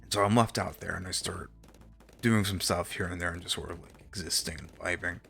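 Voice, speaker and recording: A man's voice: low-pitched, steady tone, brisk, gravelly, fairly bright tone, faint music behind. A young man from Texas streaming a game, telling a rambling story with lots of fillers and casual swearing. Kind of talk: casual chat while gaming.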